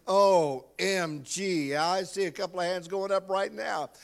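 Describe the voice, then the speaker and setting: A man's voice: high-pitched, unhurried, hardly any pauses, clear, resonant tone. An older man preaching a sermon, calling out to the congregation and telling a personal story. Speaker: pastor.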